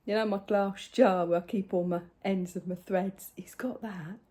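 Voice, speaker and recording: Chatty older woman, mellow voice. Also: mid-range voice, fairly even intonation, normal speed. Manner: rambling, chatty, with soft hushed asides. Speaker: crafting vlogger. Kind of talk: casual chat showing crafts. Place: home.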